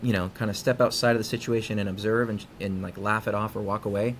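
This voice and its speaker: Low-voiced man explaining psychology. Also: fast talker, a little hiss or hum. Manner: acts out quoted dialogue with lively inflection. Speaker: guest psychologist. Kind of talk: conversational explanation.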